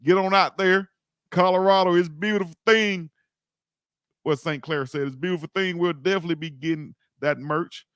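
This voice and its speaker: A man from South Georgia, hosting a casual livestream and chatting loosely with shout-outs. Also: high voice, fairly even intonation, moderate pace, clean tone, no echo, studio quality. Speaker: livestream host.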